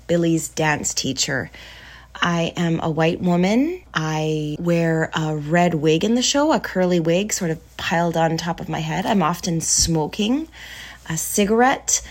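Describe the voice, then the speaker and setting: A woman, a stage actor giving a friendly, chatty scripted self-description. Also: on the low side.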